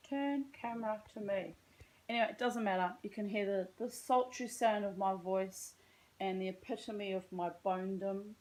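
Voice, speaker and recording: A woman's voice: medium pitch, a little mellow, poor audio. A woman talking into her phone camera at home in a rambling, self-mocking casual vlog, full of wry asides. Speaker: vlogger.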